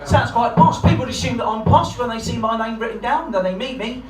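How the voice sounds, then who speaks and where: A man's voice: very high voice, fairly quick, few pauses, soft background music. A man from Portsmouth, doing a brash, sweary, self-mocking stand-up set at a live comedy night. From Portsmouth, England. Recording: echoey live room, distant mic, noisy crowd.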